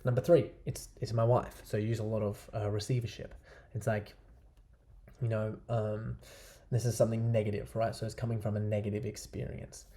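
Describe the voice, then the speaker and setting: Mellow-voiced man giving chatty dating advice. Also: lowish voice, flat delivery, fairly quick. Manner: chatty, loose, keeps asking "right?". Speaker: dating coach. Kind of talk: casual advice talk to camera.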